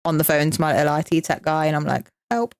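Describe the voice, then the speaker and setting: A woman's voice: sits low, fairly even intonation, very fast, smooth. A woman with an English Midlands accent co-hosting a casual podcast, telling chatty, self-mocking stories. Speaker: podcast co-host.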